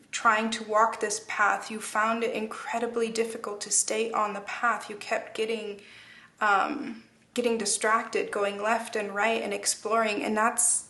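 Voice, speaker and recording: A woman's voice: on the high side, a bit bright. A woman giving a casual spoken tarot reading, rambling, with many fillers and restarts. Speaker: tarot reader.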